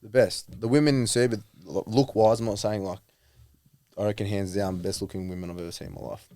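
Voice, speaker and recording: Young bloke rambling on a podcast, low-ish voice, dry sound. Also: male voice, steady tone, brisk, warm tone, no room sound. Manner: laid-back, rambling, lots of fillers and laughs. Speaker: rugby player guest. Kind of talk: casual chat.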